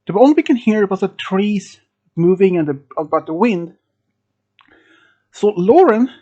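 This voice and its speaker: A storyteller from Sweden telling a first-person horror story, halting, with restarts and phrasing. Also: mid-range voice. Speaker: channel host telling a story.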